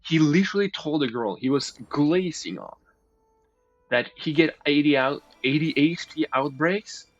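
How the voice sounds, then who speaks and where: A man's voice: on the high side, expressive, normal speed, no echo. A man telling a storytime rant in a rambling way, swearing and making indignant asides. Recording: dull recording with faint music.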